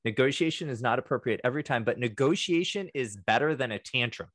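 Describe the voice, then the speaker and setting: Male podcast co-host, middle pitch, acts out quotes mid-story, dry recording. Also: expressive, quick pace, a bit bright, no room sound. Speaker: works with fourth graders. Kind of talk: casual discussion.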